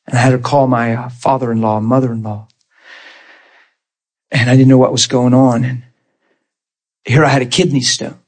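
A man's voice: mid-range voice, moderate pace, long pauses. A man preaching a testimony in a conversational, storytelling way, laughing often and asking his listeners questions. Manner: animated, laughs often, acts out quoted voices; conversational, rhetorical asides to listeners.

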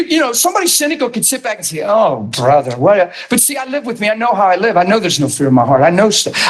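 A middle-aged male preacher telling stories from the pulpit with an animated, expressive delivery. His voice sits a little on the high side, and he slips into character voices and laughs as he goes. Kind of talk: storytelling sermon.

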